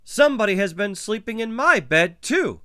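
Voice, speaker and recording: A man's voice: mid-range voice, expressive, slow, smooth, pitched above the performer's own voice. A man voicing a mama snow bear who growls and huffs in a raised voice. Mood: huffy. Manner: huffy, growling. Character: fussy middle-sized mama snow bear.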